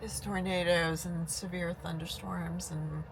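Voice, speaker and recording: Slow-talking woman vlogging in wind noise. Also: fairly low pitch, vocal fry. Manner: frank, confiding, lively ups and downs. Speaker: vlogger traveling solo by truck camper. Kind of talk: candid vlog talking to camera. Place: in a truck at a highway rest area during storms. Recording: noisy with wind and vehicle sounds.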